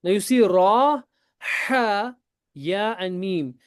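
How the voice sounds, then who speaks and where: A man teaching a tajweed class in a classroom. He explains slowly, asks his students questions, repeats his points and switches into Hindi now and then. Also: sits high, expressive, smooth, dry recording, clean studio sound. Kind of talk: classroom lesson.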